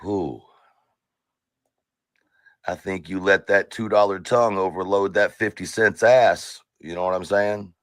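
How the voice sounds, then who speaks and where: A man's voice: low-pitched, steady tone, unhurried, pauses often, dry recording. A man ranting on a stream, taunting and cursing at a rival. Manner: taunting, profane, confrontational. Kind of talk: angry live-stream rant.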